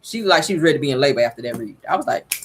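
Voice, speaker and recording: A woman recapping a reality show episode in a sassy, animated, gossipy way. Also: extremely low pitch, rapid-fire, a little hiss or hum. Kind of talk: casual recap commentary.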